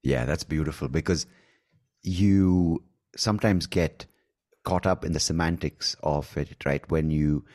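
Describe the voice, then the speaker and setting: A man with an Indian accent hosting an interview, enthusiastic and halting, with many restarts. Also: a bass voice, darkish tone. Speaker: podcast host. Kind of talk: conversational interview.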